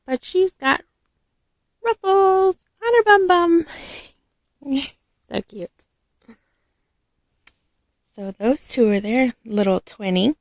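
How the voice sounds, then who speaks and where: A woman showing off her doll collection in a casual vlog, gushing and affectionate, with frequent soft laughs. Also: high voice, slow pace, long pauses, no echo, clean studio sound. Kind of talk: casual show-and-tell vlog.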